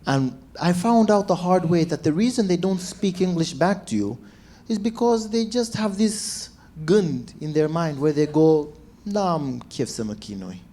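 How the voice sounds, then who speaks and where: A man, a stand-up comedian telling stories to a crowd and acting out shouts and quoted voices. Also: high voice, a little slow. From Zambia. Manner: animated, acts out shouts and quotes. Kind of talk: stand-up storytelling.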